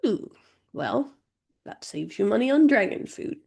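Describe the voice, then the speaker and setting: A woman's voice: fairly high pitch, big pitch swings, unhurried, creaky, darkish tone, breathy edge. A woman reading a novel aloud and breaking off for sarcastic, self-mocking jokes. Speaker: book reaction youtuber. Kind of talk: reading aloud with comic asides.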